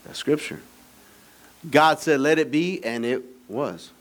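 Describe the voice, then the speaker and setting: At a measured pace and medium pitch, a middle-aged pastor gives a sermon in the church sanctuary, trading teasing, conversational remarks to the congregation for animated moments of rising emphasis.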